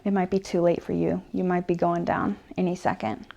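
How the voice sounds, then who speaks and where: A young woman rambling through a personal story in ASMR role-play, with plenty of fillers. She swings between soft, close murmurs and animated bursts. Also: on the low side, a little fast, creaky, lo-fi sound. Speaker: ASMR creator.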